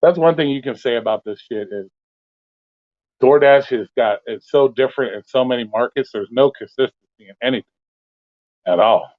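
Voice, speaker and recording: A man's voice: mid-range voice, normal speed, no room sound. Blunt, swearing man on a tinny line. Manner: blunt, swears constantly, rants. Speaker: host of an open forum talk stream. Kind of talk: casual profane chat. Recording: dry, phone-like audio.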